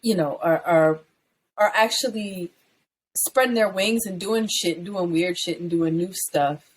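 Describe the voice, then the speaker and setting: A woman co-hosting a podcast in casual chat, animated and rambling, swearing freely and jumping up high when she riffs. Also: a little slow, slightly rough. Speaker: podcast co-host.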